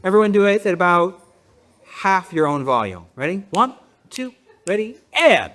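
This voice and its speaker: Just a guy pastor with a fairly high voice, running a body percussion game in church, counting one two ready go, jokey. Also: big pitch swings, normal speed, a bit bright. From United States. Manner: playful, laughing, counting in the crowd. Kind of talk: leading a congregation in a rhythm game. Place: church hall with a congregation.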